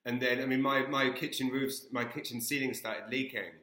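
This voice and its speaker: English man, interview host, bright forceful voice, echoey room, chatty. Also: medium pitch, fairly even intonation, normal speed. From England. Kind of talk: casual interview chat. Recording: roomy echo.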